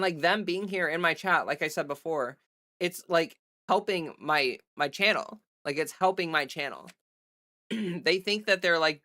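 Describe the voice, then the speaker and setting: A woman's voice: sits low, sharp tone. A woman chatting casually on her own livestream, rambling with lots of fillers and restarts, blunt and defiant, swearing freely. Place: home streaming setup under bright lights.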